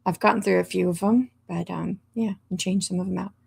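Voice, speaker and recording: A woman's voice: on the low side, steady tone, brisk, gravelly, a little mellow, husky. A woman hosting a writing livestream, chatting casually and reading out viewer comments, rambling with fillers and laughs. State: hiccups. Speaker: livestream host.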